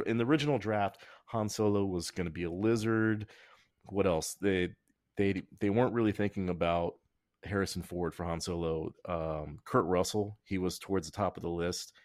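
A man with a very low, deep voice hosts a podcast, talking in a loose, rambling, joking way that often trails off and restarts. The sound is close and dry, with no room sound around him. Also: a little mellow, dry recording. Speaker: podcast host. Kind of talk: casual chat.

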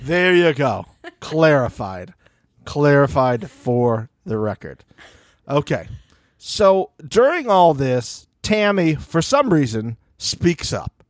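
A man's voice: a little high, big pitch swings, slow, no echo, clean studio sound. A man co-hosting a podcast, recapping reality TV in casual chat and mimicking people in playful voices. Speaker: podcast co-host.

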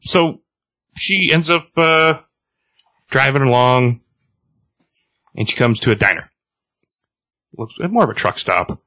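A man's voice: medium pitch, sing-song, slow, long pauses, sharp tone, dry recording. A man hosting a podcast, recapping a comic book casually, rambling with many fillers and restarts.

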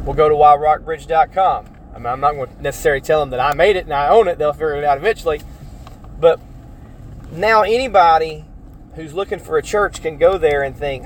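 A man talks through his opinions as a podcast host, rambling and correcting himself as he goes. His voice sits a little high for a man, and he slips into mocking imitations when quoting others. Faint traffic noise hums behind him. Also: fairly quick. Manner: rambling, self-correcting, mimics other people's voices in quotes. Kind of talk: casual opinion monologue.

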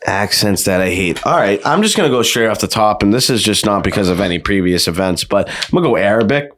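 A man's voice: lowish voice, lively intonation, fast talker, a bit bright. A man co-hosting a podcast, talking in a hesitant, rambling, profane casual chat. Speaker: podcast co-host.

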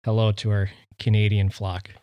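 A man's voice: lowish voice, flat delivery, moderate pace, clear, resonant tone, no echo, dull audio. A man co-hosting a casual chat show, easygoing and offering facts with many fillers. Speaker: podcast co-host.

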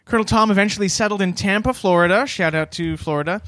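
A man's voice: sits high, quick pace, a bit bright, dry recording, studio quality. A man co-hosting a podcast, telling a story from his notes in a chatty, laughing way. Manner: chatty, laughs between points, loose with fillers. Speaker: podcast co-host presenting research. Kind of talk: casual storytelling podcast chat.

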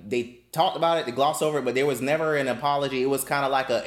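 A man as a podcast guest, chatting casually in a laid-back, drawn-out way. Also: medium pitch, steady tone. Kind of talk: casual chat. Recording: echoey room.

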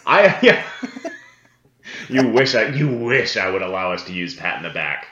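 A low-voiced man whose pitch swings widely as he trades jabs on a podcast. His sarcastic, mock-indignant grumbling comes through in a forceful, bright tone. The recording is roomy and a little dull. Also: big pitch swings, moderate pace. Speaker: podcast co-host. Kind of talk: casual banter.

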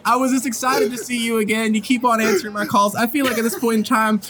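A man's voice: extremely high pitch, steady tone, fast talker, a crowd in the background, voice pushed up. A man voicing a chipper, folksy woman from a gaming company who calls everyone partner. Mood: chummy. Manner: drawling, calls people partner.

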